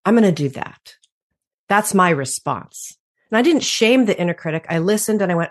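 A woman's voice: fairly low pitch, a little fast. A woman guest in an interview, speaking reflectively and laughing often. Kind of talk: conversational interview.

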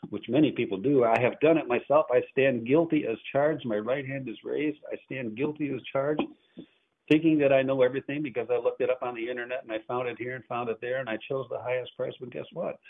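A man's voice: mid-range voice, steady tone, quick pace. A man hosting a call-in radio show as an antique auctioneer, chatting in a rambling, self-interrupting way. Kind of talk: casual call-in radio talk. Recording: tinny phone-like radio audio.

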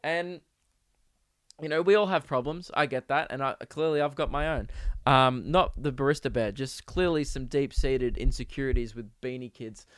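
A man's voice: medium pitch, normal speed, fairly bright tone, smooth, no echo. A young Australian man hosting a podcast, telling a story as a sarcastic, exasperated comedic rant. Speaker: podcast host.

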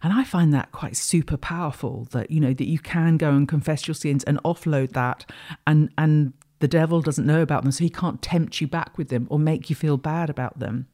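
A woman's voice: low-pitched, normal speed, dark tone. A woman hosting an astrology talk show, musing in a rambling, reflective way with many restarts. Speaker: astrology podcast host. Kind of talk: casual spiritual monologue.

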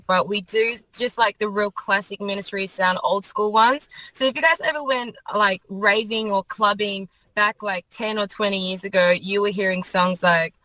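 A woman's voice: mid-range voice, bright, forceful tone, dry recording. An Australian woman, a guest singer, chatting on a phone call from her car. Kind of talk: casual chat.

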